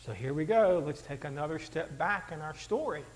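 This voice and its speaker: A man preaching a sermon in an animated, conversational way, throwing rhetorical questions to the congregation. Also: on the high side, moderate pace, low-quality recording. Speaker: pastor.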